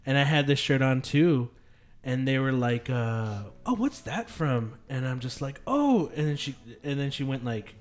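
A man's voice: mid-range voice, expressive, moderate pace. A young man co-hosting a casual podcast, telling profane stories and acting out quoted voices. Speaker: podcast co-host. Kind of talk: casual chat.

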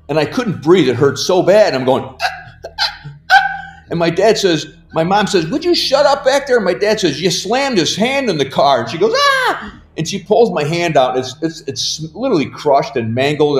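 A man guest casually telling rambling stories at home, laughing as he goes. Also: on the high side. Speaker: podcast guest. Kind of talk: casual storytelling. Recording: roomy echo.

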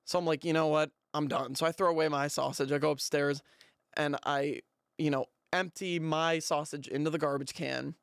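A young man hosting a podcast, telling a rambling, animated story in a casual way. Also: fairly high pitch, moderate pace, gravelly, clear, resonant tone, no room sound, clean studio sound. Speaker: podcast host.

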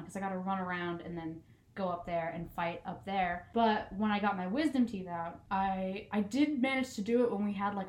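A young woman co-hosting a podcast, telling stories in a chatty way with frequent laughs and many likes. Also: mid-range voice. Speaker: podcast co-host. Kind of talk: casual storytelling chat. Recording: echoey room.

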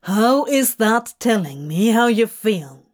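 Woman playing a male demon, irritable, flat, exasperated, fanfiction reading, slow, fairly high voice. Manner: flat voice that rises into exasperated outbursts.

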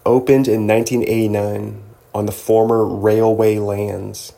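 A man's voice: on the low side, level tone, a little slow, vocal fry, dark tone. A man hosting a casual solo show, rambling and joking as he reads through a list, now and then slipping into silly mock voices. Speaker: podcast host.

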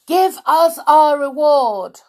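A woman voicing an angry crowd of little market folk shouting demands. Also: high-pitched, lively intonation, slow, voice pushed up.

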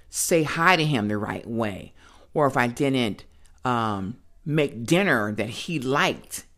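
A grandmother with a notably low-pitched voice shares her own story as a guest on a podcast. She talks bluntly and emphatically, in plain everyday words, and doesn't soften them. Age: older. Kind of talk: personal testimony in conversation.

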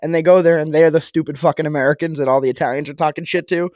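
A man's voice: on the high side, fairly even intonation, very fast, darkish tone, no echo, clean studio sound. A man co-hosting a casual podcast, who swears a lot and laughs often as he chats. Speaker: podcast co-host. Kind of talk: casual chat.

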